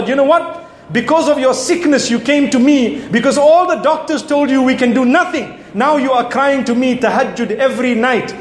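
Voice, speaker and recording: A middle-aged man preaching a sermon in an animated way, acting out prayers and pleas. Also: extremely high pitch, normal speed, roomy sound.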